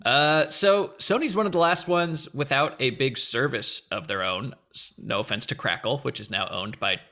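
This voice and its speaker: A man's voice: medium pitch, normal speed, pushed and bright. A man hosting a casual entertainment news chat, joking and playful as he goes. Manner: jokey, playful asides. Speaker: host.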